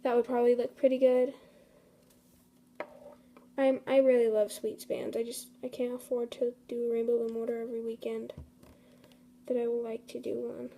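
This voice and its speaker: High-voiced young woman doing a chatty craft tutorial, mellow tone, faint storm noise behind. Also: flat delivery, moderate pace, gravelly, pauses often. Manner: chatty, apologetic, talks to her materials. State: a bit out of breath.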